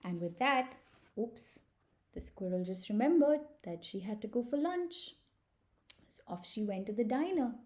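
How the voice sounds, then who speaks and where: Slow, gentle woman telling a children's story. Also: mid-range voice. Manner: gentle and unhurried, with restarts. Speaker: preschool storyteller.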